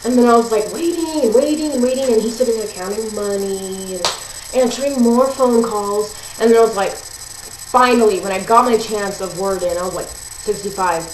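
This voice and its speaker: A woman's voice: a little high, moderate pace. A teenage girl telling a ranting story at home, chatty and exasperated, with lots of "like" and "um". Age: teens. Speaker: vlogger. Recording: roomy echo, faint hiss.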